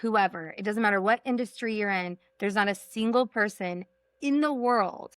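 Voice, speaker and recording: A woman's voice: medium pitch, moderate pace, fairly bright tone, clear, resonant tone, dry recording. A woman from Texas, a sales coach, talking emphatically in a podcast interview and repeating her points for punch. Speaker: executive coach and sales trainer, guest.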